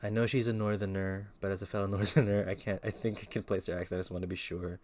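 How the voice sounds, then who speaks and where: A man's voice: on the low side, little pitch movement, quick pace, darkish tone. A man in his twenties from the Philippines, chatting casually and slangily on a live stream through a headset. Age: 20s. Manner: laid-back, slangy, chatty.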